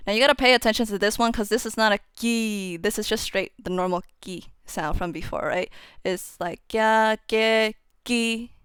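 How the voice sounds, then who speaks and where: A woman casually teaching how to pronounce Japanese syllables, chatting informally and then singing the syllables out in a steady tone. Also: mid-range voice, moderate pace, music in the background. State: voice getting strained. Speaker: UTAU voicebank tutor.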